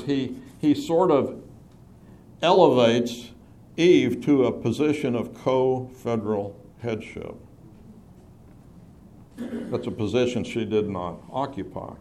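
Man giving a measured Bible lecture. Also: medium pitch, a little mellow. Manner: measured, explanatory, emphasizes key phrases. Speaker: Bible teacher.

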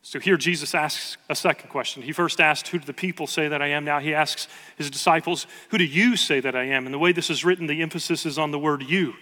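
A man's voice: a little high, steady tone, fast talker, few pauses, sharp tone, big-room sound. A man preaching a sermon with earnest emphasis, reading scripture aloud to his congregation. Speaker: pastor.

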